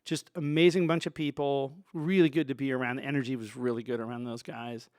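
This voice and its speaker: Man, sound engineer, rambling storyteller, middle pitch, dry close sound. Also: little pitch movement, brisk, a little mellow, dry recording. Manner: rambling, full of "you know" asides. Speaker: sound engineer, show guest. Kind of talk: storytelling in a conversation.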